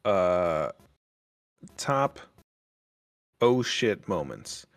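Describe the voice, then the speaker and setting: A man speaks slowly and bluntly as he introduces the next topic in casual chat. His voice is low, and the recording sounds dry and close. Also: big pitch swings, no echo. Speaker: podcast co-host.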